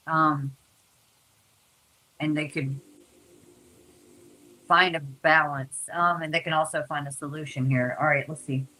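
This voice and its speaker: A woman with a low, sharp-toned voice gives her viewers a casual, chatty tarot reading on a rough recording. She talks informally, repeats words, and keeps saying "y'all."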